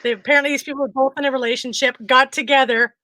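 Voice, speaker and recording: A woman co-hosting a talk show, telling a funny story in a casual, animated way and acting out what others said. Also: high-pitched, rapid-fire, no echo. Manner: animated, frequent laughter, acts out quotes. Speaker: podcast co-host.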